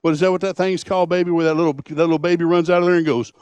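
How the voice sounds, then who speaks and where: A man preaching a sermon, folksy and impassioned, swinging from hushed to booming. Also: fairly even intonation, rapid-fire, clear, resonant tone, muffled recording. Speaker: pastor.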